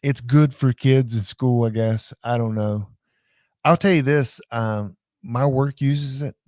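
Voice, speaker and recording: A middle-aged man hosting a live show, chatting casually and telling rambling, animated stories full of restarts. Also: mid-range voice, a little slow, dry recording, studio quality. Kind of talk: casual live-stream chat.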